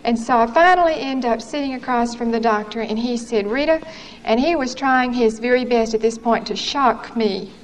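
Woman, 30s, earnest testimony, higher voice, faint noise on a 1970s recording. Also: normal speed, rough recording. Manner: earnest, candid storytelling with quoted dialogue. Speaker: testimony speaker. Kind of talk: personal testimony.

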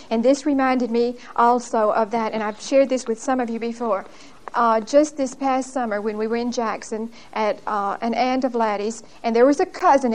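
Lady teaching bible study at church, high voice, really emphatic, keeps laughing at herself mid-story. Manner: emphatic and animated, laughs at herself while telling stories.

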